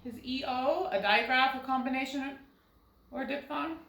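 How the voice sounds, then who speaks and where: A woman's voice: sits high, normal speed, fairly bright tone, reverberant, poor audio. A woman teaching a recorded first grade phonics lesson, patiently sounding words out syllable by syllable and asking guiding questions. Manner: asks rhetorical questions to guide young students.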